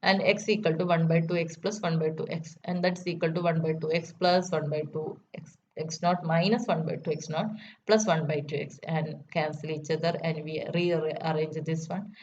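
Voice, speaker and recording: Woman lecturer with a lowish voice, methodical proof-by-proof delivery, muffled lo-fi recording. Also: fairly even intonation, moderate pace. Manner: methodical, repeats key steps. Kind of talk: math lecture. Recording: dull lo-fi recording with faint noise.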